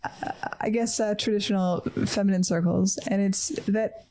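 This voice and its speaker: A woman's voice: mid-range voice, steady tone, moderate pace, mellow. A woman hosting a podcast, asking thoughtful questions and searching for her words as she talks. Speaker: podcast host. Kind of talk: casual podcast chat.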